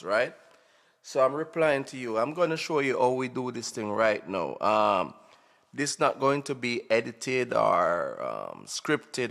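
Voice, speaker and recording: A man's voice: mid-range voice, vocal fry, a bit bright. A man giving an unscripted, casual drum kit tutorial, often checking in with "right?". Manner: slow, informal, repeats "right?" often. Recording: long reverb in a hall-like room.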